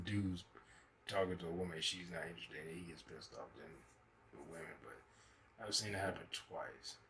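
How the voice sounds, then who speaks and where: A man's voice: deep voice, moderate pace, a crowd in the background, rough recording. A man hosting a reaction video, talking loosely and profanely as he laughs through stories. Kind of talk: casual reaction commentary.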